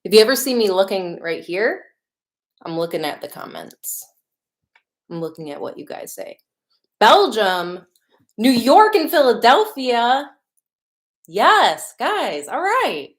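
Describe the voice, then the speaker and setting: A woman's voice: medium pitch, very animated, measured pace, a bit bright. Bubbly woman with a Chicago accent. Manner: bubbly and chatty, greets viewers by place. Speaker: makeup artist hosting a livestream. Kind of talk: casual livestream chat. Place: home studio in Los Angeles.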